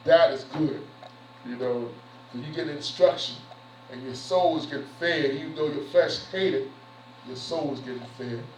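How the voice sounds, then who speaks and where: A man's voice: on the high side, normal speed, darkish tone, a little hiss or hum. A man, a bishop addressing his church service in a preachy, conversational, repetitive way. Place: church sanctuary. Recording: roomy, distant, dull church recording.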